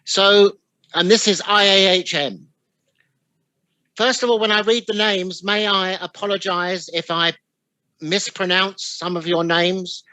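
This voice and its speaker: A man with a London Cockney accent presenting a formal ceremony, reading honorees' names with warm, self-deprecating remarks. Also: sits high, steady tone, measured pace, smooth, dry recording, rough recording. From East London, England.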